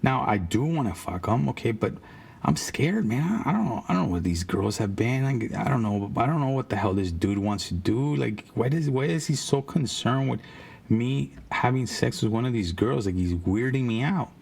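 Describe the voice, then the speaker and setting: A man's voice: medium pitch, lively intonation, normal speed, gravelly, a little mellow, breathy edge. A man casually telling a rambling, profane story about his days as a car salesman. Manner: rambling, profane, with frequent restarts.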